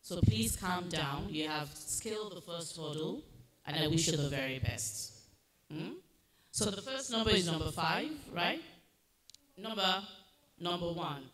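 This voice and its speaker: A woman serving as a spelling bee pronouncer, reading each word slowly and firmly telling children when they are not correct. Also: fairly low pitch, lively intonation, fairly bright tone. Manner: slow, deliberate pronunciation, firm instructions. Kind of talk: reading words and judging spellings. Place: school competition hall. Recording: echoey hall, faint noise.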